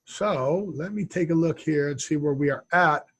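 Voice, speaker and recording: A man's voice: fairly high pitch, normal speed, slightly rough. A man co-hosting a casual podcast, rambling and joking, often derailing the talk. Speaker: co-host.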